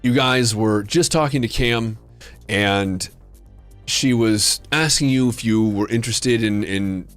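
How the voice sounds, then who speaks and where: A man's voice: on the low side, slow pace, soft background music. A man running a tabletop role-playing game as game master, describing scenes with frequent restarts.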